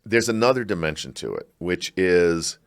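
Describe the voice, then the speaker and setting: A middle-aged man from Chicago, a scholar talking in a podcast interview, reflective and halting with animated bursts. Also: low voice. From Chicago, United States. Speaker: guest, scholar and university provost.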